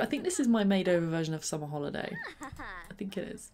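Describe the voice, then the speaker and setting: A woman hosting let's play commentary, bubbly and excitable, sometimes dropping into soft whispers. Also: medium pitch, a little fast. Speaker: gaming channel host.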